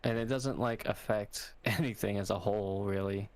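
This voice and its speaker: A man's voice: fairly low pitch, fairly even intonation, moderate pace, darkish tone, no room sound. A young man co-hosting a podcast, talking in a rambling, hesitant way with lots of fillers. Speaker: podcast co-host. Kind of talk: casual chat.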